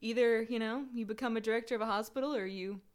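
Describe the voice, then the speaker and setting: A woman's voice: on the high side, steady tone, quick pace. A woman co-hosting a casual podcast, recapping episodes of a drama series, laughing often and going straight into the recap narration.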